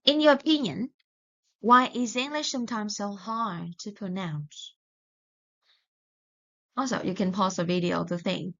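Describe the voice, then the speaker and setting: A woman with a mid-range voice teaches English pronunciation at an unhurried, careful pace. She often stops to correct herself. The recording sounds a little dull and lo-fi. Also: mid-range voice, fairly bright tone. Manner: slow and deliberate, with self-corrections. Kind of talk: recorded lesson.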